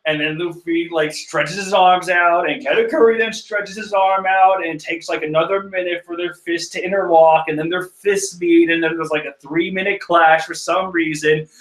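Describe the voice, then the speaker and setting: A bright, forceful man's voice, pitched a touch high, talks over a screen-shared manga chapter. He rambles, swears, laughs at himself and gets excited about the big moments. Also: normal speed, hardly any pauses. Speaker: manga chapter reader and reactor. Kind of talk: casual rambling commentary.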